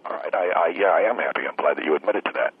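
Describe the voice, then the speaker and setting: A man calling in to a radio show, talking slowly with halting restarts and a prickly, preachy manner. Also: low-pitched, breathy edge, no room sound. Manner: slow, halting, full of restarts. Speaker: caller. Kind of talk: call-in radio talk. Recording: tinny phone line.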